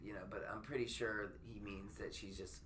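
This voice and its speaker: A man hosting a podcast in casual chat, rambling and stammering, quick to poke fun at himself. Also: lowish voice, fairly even intonation, background noise. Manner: rambling, stammering, self-deprecating. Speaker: podcast host.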